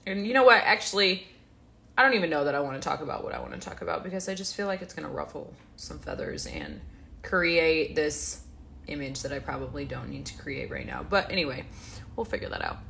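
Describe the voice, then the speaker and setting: A woman's voice: deep voice, very animated, a little fast, gravelly, pushed and bright, slight background noise. Chatty stuffy-nosed woman with a twang. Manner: chatty, rambling, reads viewer comments aloud. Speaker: livestream host. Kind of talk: casual livestream chat.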